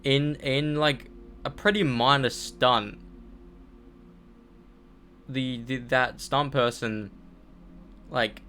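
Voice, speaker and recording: A man's voice: medium pitch, steady tone, very slow, pauses often, bright, forceful tone, a little hiss or hum. A young Australian man chatting casually on a game stream, rambling and swearing, often restarting his sentences. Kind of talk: casual gaming stream chat.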